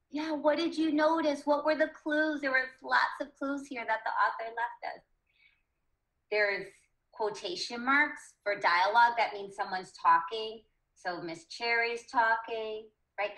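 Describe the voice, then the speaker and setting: A woman's voice: fairly high pitch, pushed and bright, echoey room, rough recording. A woman teaching a reading lesson to children, asking the class questions and encouraging them.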